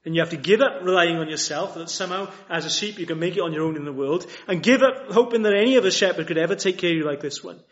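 A man preaches in a fairly high voice. He is earnest, rising to loud appeals and then dropping to a hush. The recording is dull and lo-fi. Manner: earnest, swings from loud appeals to hushed quiet. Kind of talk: sermon.

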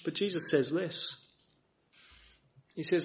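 High-voiced man preaching earnestly. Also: animated, unhurried, pauses often. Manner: earnest, swings from loud appeals to hushed quiet. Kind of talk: sermon. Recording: dull lo-fi recording.

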